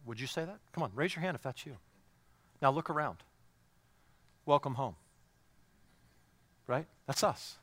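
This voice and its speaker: A man preaching a sermon to a congregation, asking them direct questions and swinging between hushed, near-whispered intimacy and raised, emphatic declarations. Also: on the high side, animated, a little slow, long pauses, no echo. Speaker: pastor.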